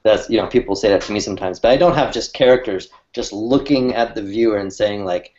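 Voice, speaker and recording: Low-voiced man in casual lo-fi chat. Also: a little mellow. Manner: rambling, halting, laughs easily. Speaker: cartoonist co-host.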